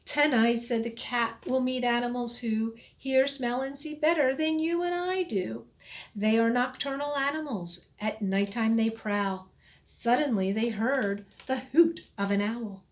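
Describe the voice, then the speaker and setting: A woman reading a rhyming picture book aloud in a slow, expressive storytelling voice. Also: on the high side. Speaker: storybook reader.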